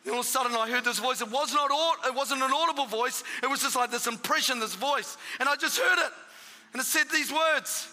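A man's voice: very high voice, a little fast. Fervent man preaching in a hall. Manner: excitable, bursts into shouting for emphasis. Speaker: guest preacher giving testimony. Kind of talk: preaching testimony. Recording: reverberant hall with live audience.

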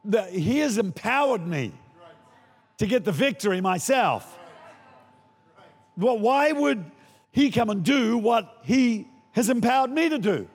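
Older male guest preacher, high lively voice, dramatic, reverberant sanctuary. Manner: animated, acts out voices, shouts for emphasis. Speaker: pastor. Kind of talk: sermon.

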